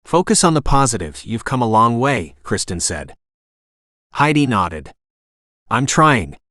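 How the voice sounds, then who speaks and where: A man reads a romance audiobook in a calm, even voice and gives the dialogue a gentle touch. His pitch sits in the middle of the range, and the recording is dry and close, with no room sound. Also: normal speed, dry recording. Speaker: audiobook narrator. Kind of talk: scripted romance narration.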